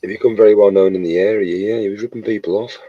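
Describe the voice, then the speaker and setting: A man's voice: lowish voice, fairly even intonation, racing, dark tone, breathy edge, no room sound. A man from England chatting casually and telling jokey stories with friends. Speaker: co-host. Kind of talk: casual chat. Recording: dull, lo-fi sound.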